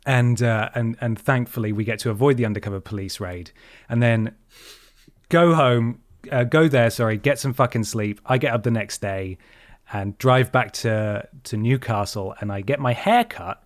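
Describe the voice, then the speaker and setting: A man's voice: mid-range voice, moderate pace, no echo. Sweary man telling a story, dry sound. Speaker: podcast host. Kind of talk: casual chat, storytelling.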